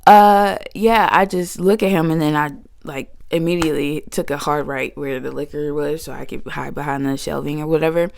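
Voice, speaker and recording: A young woman telling a storytime vlog, animated and slangy, talking straight to her viewers. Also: low voice, moderate pace, gravelly, a little hiss or hum. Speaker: vlogger.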